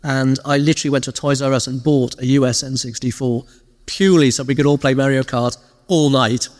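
A man as an interview guest, casually telling animated stories and acting out quoted lines. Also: medium pitch, brisk, long reverb tail. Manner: lively storyteller, animated quoted asides. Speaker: interview guest, former games PR director. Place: live event stage.

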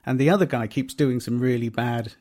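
A man's voice: medium pitch, fairly even intonation, a little fast, a little mellow. A man co-hosting a podcast, musing aloud and asking questions in casual chat. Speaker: podcast co-host.

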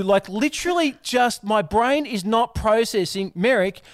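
A man's voice: sits high, a little slow, no room sound, studio quality. A man with an Australian accent, a guest comedian telling self-mocking stories in a casual podcast chat. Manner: animated storyteller, self-mocking.

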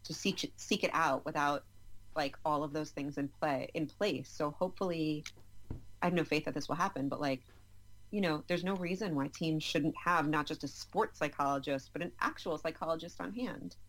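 A woman's voice: sits low, fairly bright tone, rough recording. A woman co-hosting a football podcast, talking through her views in a casual, thoughtful way. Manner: thoughtful, chatty, quick to laugh. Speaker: podcast co-host. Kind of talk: casual chat.

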